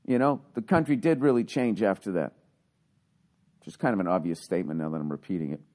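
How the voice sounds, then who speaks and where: A man's voice: low-pitched, brisk, mellow. Profane man ranting a story. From United States. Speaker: stand-up comedian. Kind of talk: casual storytelling.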